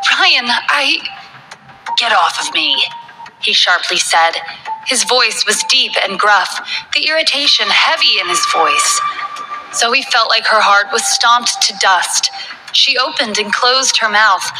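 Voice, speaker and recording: A woman reading a romance novel aloud in a soft, dramatic storytelling way. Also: on the high side, low-quality recording. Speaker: audiobook narrator. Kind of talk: scripted narration of a romance novel. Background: background music.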